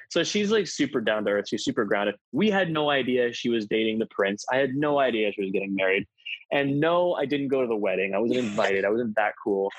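A man's voice: fairly low pitch, breathy edge, no room sound, low-quality recording. A man being interviewed about his acting work, chatty and self-deprecating, slipping jokes into his answers. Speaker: actor, interview guest. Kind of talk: casual interview chat.

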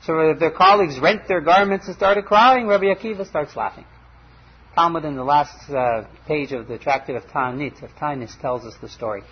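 A man teaching a Torah class, telling stories with animated, acted-out quotes. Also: on the high side, breathy edge, lo-fi sound. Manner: animated storytelling, acts out quoted voices. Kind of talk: storytelling Torah lecture.

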